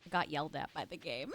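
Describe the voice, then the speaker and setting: A woman's voice: a little high, noisy background. A young woman streaming a video game live, chatting casually in a playful, teasing way. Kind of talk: casual live gameplay chat.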